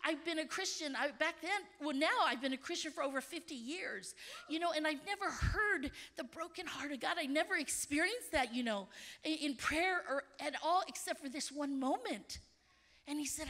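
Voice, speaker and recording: A woman in her fifties giving an emphatic, animated conference sermon as a missionary speaker, at times dropping to hushed tones. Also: high-pitched, moderate pace. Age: 50s. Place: stage of a large conference hall.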